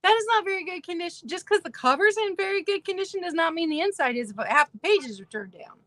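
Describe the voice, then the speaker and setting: A middle-aged woman co-hosting a live vintage sale, chatting casually, quick and enthusiastic. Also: very high-pitched, animated, a bit bright, no room sound. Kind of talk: casual chat.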